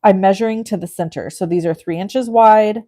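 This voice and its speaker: On her crafting livestream, a middle-aged woman with a medium-pitched voice chats at a moderate pace. She tells a story as she works, animated and poking fun at herself.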